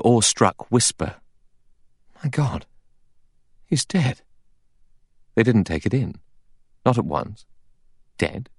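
A man narrating an audiobook in a measured, steady reading. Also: on the low side, no echo, studio quality. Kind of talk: scripted narration.

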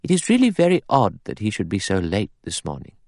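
A man voicing a stern, self-righteous elderly woman who speaks in a dry, brisk, clipped way in an audiobook. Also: lowish voice, wildly swooping pitch, darkish tone, no echo. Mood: prim.

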